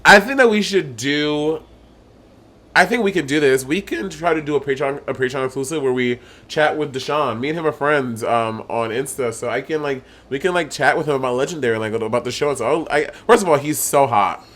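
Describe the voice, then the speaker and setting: A young man co-hosting a podcast, chatting casually and profanely and mimicking others in high voices. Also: brisk, fairly bright tone. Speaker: podcast co-host. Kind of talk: casual chat.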